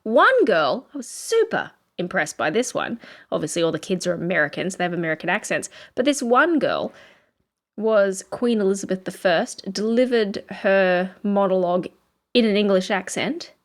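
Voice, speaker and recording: A woman with an Australian accent co-hosts a podcast, telling stories in a chatty, casual way and laughing often. Her mid-range voice has a sing-song quality and moves at normal speed.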